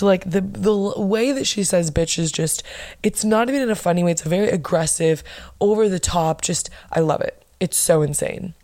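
A young woman hosting her own podcast, chatting casually and bluntly with lots of swearing and animated bursts of emphasis. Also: lowish voice, moderate pace. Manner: blunt, profane, gossipy. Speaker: podcast host. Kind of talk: casual solo podcast chat.

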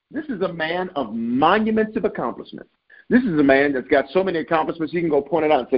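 A man preaching a sermon to leaders, repeating lines for emphasis and swinging his pitch up and down as he builds. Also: animated, fast talker, lo-fi sound.

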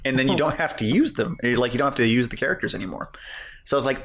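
A man's voice: medium pitch, fast. A man co-hosting a podcast, telling a funny story in casual chat and laughing along as he goes. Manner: animated, laughs through his own story. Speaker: podcast co-host.

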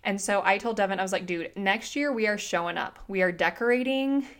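A woman in her thirties hosts her own podcast and tells a family story in a chatty, animated way, with casual slang and plenty of "like". Her voice sits at an ordinary middle pitch. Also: brisk. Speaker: podcast host.

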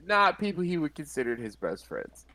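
Man, late twenties, podcast co-host, rambling casual talk, lively voice. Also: a little high, normal speed, no echo. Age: 20s. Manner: easygoing, rambling, self-mocking. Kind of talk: casual chat between friends.

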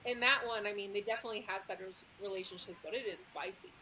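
A woman's voice: mid-range voice, quick pace, pushed and bright, slight background noise, rough recording. A woman author, a guest on a podcast, chatting casually with lots of fillers and giggles. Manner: giggly, filler-heavy, rambling.

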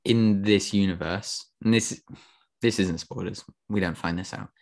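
A man co-hosting a casual podcast chat, joking and quick to laugh. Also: lowish voice, a little mellow. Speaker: podcast co-host.

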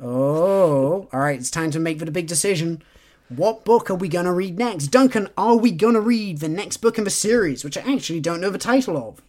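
A man's voice: high voice, moderate pace. A man co-hosting a podcast in casual book chat, teasing his co-host playfully and laughing often.

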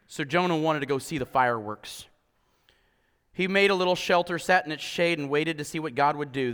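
A male pastor gives a lively sermon full of rhetorical questions aimed at his congregation. His high, bright voice rings out with a long echo across a church hall.

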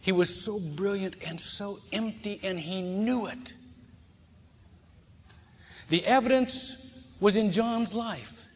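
A male pastor preaching a storytelling sermon in a conversational, folksy and animated manner. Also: high voice, slow, long pauses. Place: church sanctuary. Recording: long church reverb.

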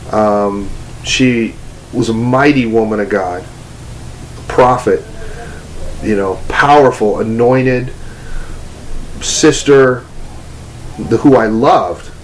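A man's voice: medium pitch, slight background noise, rough recording. A man giving a teaching talk, telling a personal story in a loose, conversational way with restarts and fillers. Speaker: preacher, ministry teacher. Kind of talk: testimony-style teaching talk.

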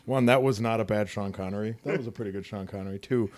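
A man's voice: on the low side, quick pace, darkish tone. A man co-hosting a comedy podcast who rambles, jokes and laughs a lot. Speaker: podcast co-host. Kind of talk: casual comedic podcast banter.

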